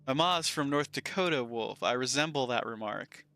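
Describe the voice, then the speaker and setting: Bright-voiced Southern streamer man. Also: mid-range voice, lively intonation, normal speed, clear, resonant tone, soft background music. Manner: reads chat messages aloud, playful banter. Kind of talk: casual live-stream chat reading.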